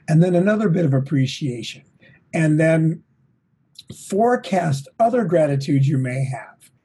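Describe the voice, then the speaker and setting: A middle-aged man, a touring drummer, talking as an interview guest in an energetic, motivational way, swearing now and then. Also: high voice, slightly rough. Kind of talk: casual interview. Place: home, at a desk.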